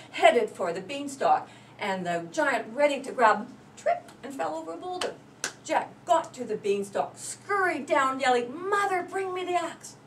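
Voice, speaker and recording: Casting: woman storyteller at a club speech, animated, high voice, recorded from the back of the room. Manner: animated, swings from loud to hushed. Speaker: club member giving a speech. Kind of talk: folk tale storytelling speech. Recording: distant mic, faint room noise.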